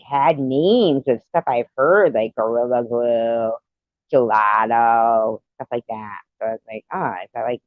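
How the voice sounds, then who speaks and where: A man's voice: medium pitch, dry recording, phone-quality sound. A man chatting with viewers on a live stream, giggly and meandering, often trailing off. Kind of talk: casual rambling chat.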